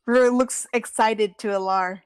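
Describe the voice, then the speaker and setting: A woman playing a tabletop game, describing her character's actions in an animated way. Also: mid-range voice, no echo. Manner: animated, with "like" fillers. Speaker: player.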